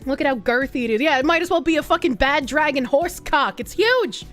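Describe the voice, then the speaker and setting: A woman's voice: lively intonation, a little fast, fairly bright tone. Casual cursing woman streamer. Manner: rambling, swears freely, reads chat aloud; squeals high when laughing. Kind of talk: casual live-stream chat. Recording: faint music behind.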